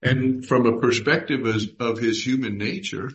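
A man's voice: mid-range voice, lo-fi sound. A man leading a Bible study, reading verses aloud and putting questions to his group. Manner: unhurried, reads scripture aloud and asks the group questions.

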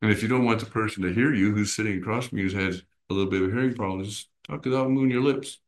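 A man's voice: on the low side, rapid-fire, a little hiss or hum. A man teaching a small Bible study group in a conversational way. He asks his listeners questions and acts out little voices and expressions as he explains.

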